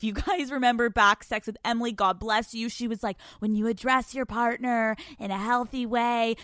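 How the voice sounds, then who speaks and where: A woman's voice: on the high side, a bit bright, no echo, clean studio sound. A woman in her twenties hosting a podcast, telling a story in a casual, profane, laughing way and acting out the quotes. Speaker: podcast host.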